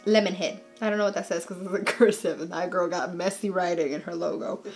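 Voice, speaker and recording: A young woman chatting casually through a makeup tutorial, bubbly and jokey, gasping with excitement over her products. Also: fairly low pitch, fast, faint music behind. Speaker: makeup vlogger.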